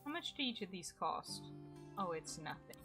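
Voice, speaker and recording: A woman's voice: fairly low pitch, very animated, moderate pace, over music. A young woman casually commenting while she plays a video game, self-deprecating and chatty, swearing now and then. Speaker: gaming streamer. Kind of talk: casual let's-play commentary.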